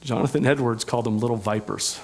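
A middle-aged pastor preaching a sermon in an earnest, conversational way, with folksy asides and humor. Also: male voice, medium pitch, fairly even intonation, fast talker, a little hiss or hum.

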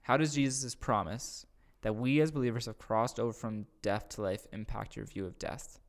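A man's voice: fairly low pitch, fairly even intonation, normal speed. A man who is a youth pastor, chatting casually on a faith podcast. He asks questions and agrees often, with many "yeah"s and "like"s.

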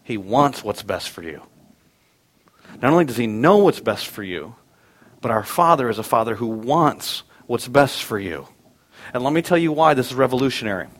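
A pastor in his thirties delivers an earnest sermon, weaving in humorous family stories and climbing to loud, emphatic peaks. His mid-range voice has lively intonation and a moderate pace.

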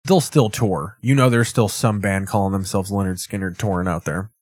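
Low-voiced man in rambling profane commentary. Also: steady tone, moderate pace, a little mellow, no room sound. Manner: rambling, sarcastic, swears often. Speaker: streamer reacting to a show.

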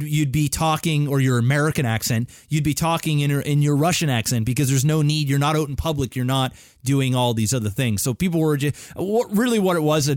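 A man's voice: fairly high pitch, no echo, studio quality. A man co-hosting a gaming podcast, talking casually and rambling with many fillers and restarts. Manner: rambling, halting, swears casually. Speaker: podcast co-host. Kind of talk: casual chat.

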